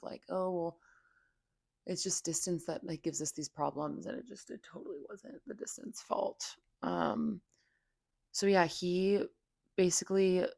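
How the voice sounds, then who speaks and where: Young woman podcaster, low voice with lots of vocal fry, dry close sound, says like constantly. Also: darkish tone, no echo. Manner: venting, heavy "like" filler, frequent swearing. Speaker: podcast host. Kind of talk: candid casual podcast monologue.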